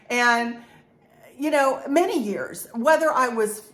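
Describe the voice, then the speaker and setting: A woman's voice: fairly high pitch, very animated, unhurried. A middle-aged woman, chatting in a rambling, encouraging way as a home decor vlogger. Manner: warm, rambling, encouraging, with many restarts. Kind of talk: chatty haul vlog.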